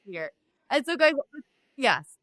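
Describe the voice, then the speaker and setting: A woman's voice: fairly high pitch, slow pace, no room sound, clean studio sound. Frank, swearing woman co-host. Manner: frank, animated, swears freely. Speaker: podcast co-host. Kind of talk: casual chat. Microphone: remote recording.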